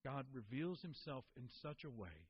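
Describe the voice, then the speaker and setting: A man's voice: mid-range voice, big pitch swings, normal speed, husky, highs cut off. A man preaching a sermon, telling stories in an earnest way and repeating words for emphasis.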